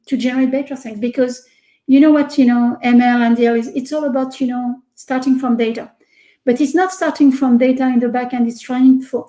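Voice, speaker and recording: A woman's voice: high voice, dark tone, roomy sound, rough recording. A woman with a French accent talking animatedly in a casual interview over a video call, repeating words and using many fillers. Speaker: research executive guest.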